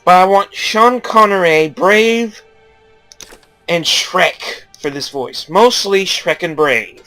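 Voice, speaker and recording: A man's voice: high-pitched, takes it slowly, bright, forceful tone, faint music behind. A young man giving casual, rambling game commentary, joking and swearing freely. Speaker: gaming YouTuber.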